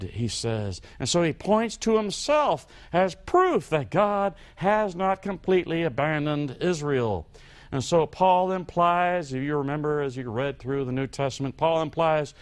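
A man preaching a sermon as pastor, slow and emphatic, his voice rising on key points and falling low at the ends of phrases. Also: lively intonation.

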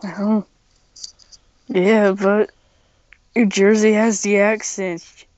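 A woman chatting casually, slow and playful with goofy banter. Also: medium pitch, level tone, a little mellow. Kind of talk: casual chat. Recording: dull, slightly lo-fi dry mic.

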